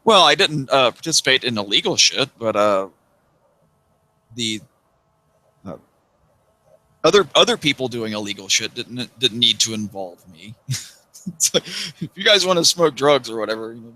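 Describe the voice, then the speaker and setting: A man from the American South talks on a livestream, his voice bright and forward. He tells long, wry stories and swears freely as he goes. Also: medium pitch, very animated, normal speed, long pauses. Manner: wry, rambling storyteller who swears freely. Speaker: interviewee, YouTuber. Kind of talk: casual chat on a livestream.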